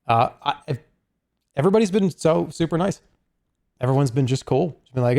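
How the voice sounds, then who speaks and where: A man's voice: fairly high pitch, expressive, fairly quick, vocal fry, darkish tone. A man chatting casually on a live stream, rambling along with lots of asides and restarts.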